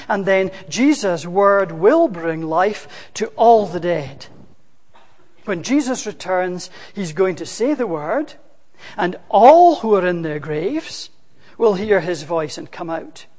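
A preacher delivers a sermon at an unhurried pace, pressing hard on key words and rising to loud, dramatic quotations. The voice carries a long, lingering hall reverb. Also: mid-range voice.

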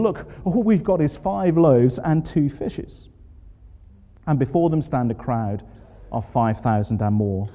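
A man preaching a sermon, expressive and full of rhetorical questions. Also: on the high side. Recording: long hall reverb.

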